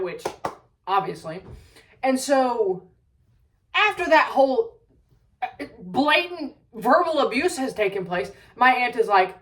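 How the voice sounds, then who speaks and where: A woman's voice: fairly high pitch, very animated, normal speed, pauses often, recorded from a distance, poor audio. A young adult woman telling a story at home in a casual rant, swearing a lot, exasperated and full of rambling asides. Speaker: vlogger.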